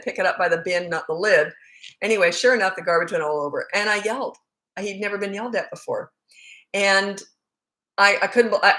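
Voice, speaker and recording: A middle-aged woman coaching parents in a relaxed livestream chat, her voice in an ordinary middle register. She talks in a loose, storytelling way, often breaking into laughter. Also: medium pitch.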